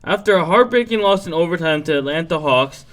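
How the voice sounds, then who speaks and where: A man's voice: a little high, expressive, brisk, fairly bright tone. Man reading a scripted sports rundown. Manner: reads from a script, loses energy with asides. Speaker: podcast host.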